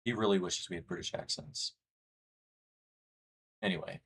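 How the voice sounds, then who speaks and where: A man's voice: low-pitched, moderate pace, a bit bright, a little hiss or hum. A young man from the United States chatting casually with his livestream chat, rambling and reading messages aloud. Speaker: streamer.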